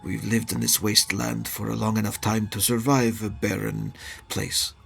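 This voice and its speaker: A man voicing a calm old leader of freed prisoners, speaking slowly in a put-on accent. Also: fairly low pitch, gravelly, faint music behind. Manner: slow, measured speech in a put-on accent.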